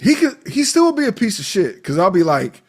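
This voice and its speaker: Husky, animated man recapping a movie. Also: brisk. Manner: animated, profane, acts out characters' lines with big pitch jumps. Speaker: podcast co-host. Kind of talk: casual movie recap chat.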